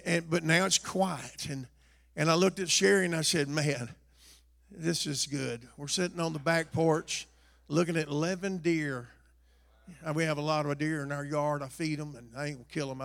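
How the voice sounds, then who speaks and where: An older pastor delivers a folksy sermon in a high, gravelly voice. He drops to hushed asides, then builds to shouting, stammering on repeated words. His voice rings out with a long echo through the church hall.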